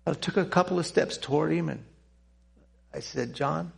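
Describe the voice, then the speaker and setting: An older man telling a personal testimony to a church audience, speaking in an earnest, halting way with pauses and restarts. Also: fairly high pitch, vocal fry. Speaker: Christian speaker giving a testimony.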